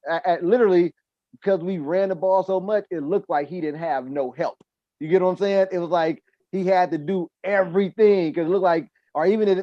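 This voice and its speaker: Profane fast-talking man, dull dry sound. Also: fairly high pitch, no room sound. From United States. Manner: loose and profane, many asides and restarts. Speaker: podcast host. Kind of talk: casual chat.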